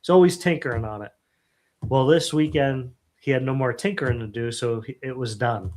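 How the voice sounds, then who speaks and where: A middle-aged man hosting a casual live stream, telling animated stories and acting out quotes. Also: medium pitch, normal speed. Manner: animated storyteller, acts out quotes. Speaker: host.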